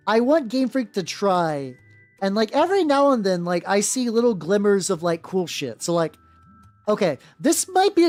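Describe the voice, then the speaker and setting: A woman's voice: mid-range voice, a little mellow. A young adult woman streaming as a VTuber, chatting casually while she paints miniatures, rambling with lots of "like" and free swearing. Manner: rambling, swears freely, heavy on fillers like "like". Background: faint background music.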